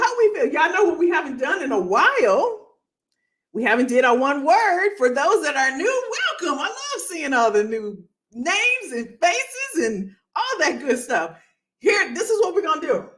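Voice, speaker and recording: Woman, high bright voice, very animated, playful live-stream host. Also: normal speed. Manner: energetic, playful, repeats phrases, talks to viewers by name. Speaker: career coach hosting a live session. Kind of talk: casual live-stream chat.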